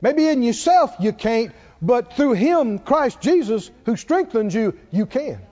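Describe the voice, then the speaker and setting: A man preaching a sermon with passion, swinging from quiet low passages to loud peaks. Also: big pitch swings, a little slow. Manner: impassioned, rising to loud peaks and dropping low. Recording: dull lo-fi sound.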